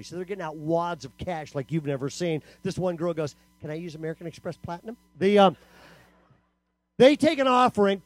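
A man preaching an animated youth camp sermon to teenagers, telling stories and acting out quotes in a punchy way. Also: sits high, no room sound. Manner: storytelling, punchy, acts out quotes.

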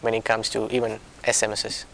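A man guides a small discussion circle in a meeting room, soft-spoken and apologetic, often restarting his sentences. His voice has a gravelly edge, and faint background noise runs under it. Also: on the low side, monotone, brisk. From a warm-climate country. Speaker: discussion leader.

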